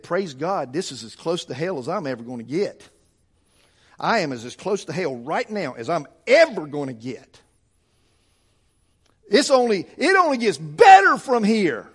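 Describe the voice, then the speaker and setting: A man's voice: a little high, breathy edge. A man preaching a sermon in a church, building his points through fervent repetition. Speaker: pastor. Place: church sanctuary.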